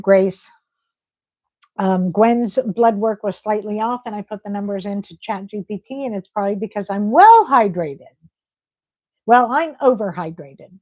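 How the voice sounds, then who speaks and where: A woman's voice: medium pitch, warm tone, dry recording. A woman hosting a casual livestream, chatty and effusive as she reads viewer comments aloud. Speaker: livestream host.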